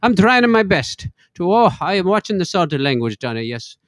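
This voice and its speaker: A man's voice: sits high, big pitch swings, moderate pace, a bit bright, dry recording, studio quality. A man hosting a casual live stream, joking in puns and reciting comic rhyming verse. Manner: playful, punning, self-deprecating jokes. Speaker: livestream host.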